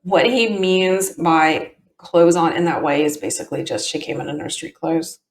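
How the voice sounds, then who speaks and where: A woman's voice: sits low, moderate pace, a little hiss or hum. Chatty woman in a tinny, echoey recording. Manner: chatty, explanatory asides. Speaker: podcast host and reader. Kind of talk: reading a court transcript with commentary.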